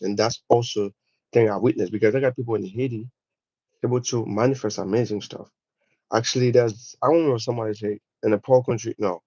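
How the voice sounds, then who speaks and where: A man with a French accent gives a motivational livestream talk, pressing his points emphatically and repeating them. His voice sits low. The sound is dull and dry, like a lo-fi home setup. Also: a little mellow, dry recording. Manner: emphatic, repetitive, addresses viewers as guys. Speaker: livestream host.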